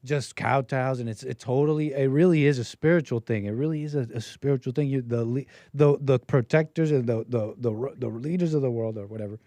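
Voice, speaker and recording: A man's voice: mid-range voice, fairly quick, few pauses, warm tone, no room sound. A man hosting a live-stream call-in show, talking in a rambling, joking, loose way. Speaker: host.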